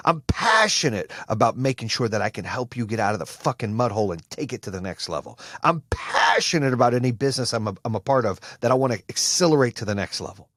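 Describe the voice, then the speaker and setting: A man hosting a podcast, giving an intense, profane motivational monologue with shouting bursts. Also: mid-range voice, husky, no echo. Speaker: podcast host.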